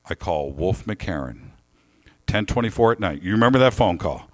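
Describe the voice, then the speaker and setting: A man speaking live to an audience, telling a story with lively emphasis and thanking people. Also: fairly low pitch, normal speed. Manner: animated storytelling, warm thanks. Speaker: radio host giving a talk. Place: lecture hall with audience.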